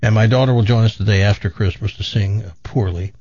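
A man's voice: on the low side, quick pace, warm tone, slightly rough, no echo, highs cut off. A man hosting a radio show, bantering casually and telling a joke as a chatty, playful storyteller. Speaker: radio host.

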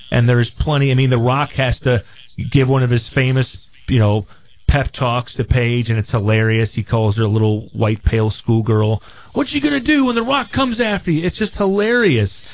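A man reviewing a film in casual radio chat, animated and acting out quotes from scenes. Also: medium pitch. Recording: dull lo-fi broadcast sound.

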